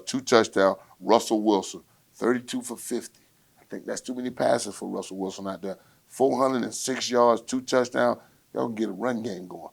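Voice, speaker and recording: A man in his forties hosting a solo sports podcast rundown, loud and swaggering, talking trash straight to his listeners. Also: fairly low pitch, gravelly. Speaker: podcast host.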